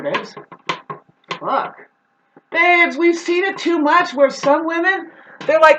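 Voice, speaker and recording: A woman's voice: high voice, lively intonation, takes it slowly, long pauses, a bit bright, a little hiss or hum. Female vlogger, loose rambling delivery, casual swearing, pet name for viewers, muffled lo-fi recording. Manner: rambling, swears, calls listeners "babes". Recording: dull lo-fi recording.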